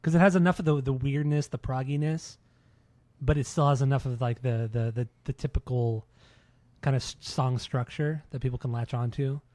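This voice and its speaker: A man's voice: medium pitch, fairly even intonation, moderate pace, darkish tone, no room sound. A man co-hosting a podcast, chatting casually about music with enthusiasm, swearing often and restarting his words. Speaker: podcast co-host.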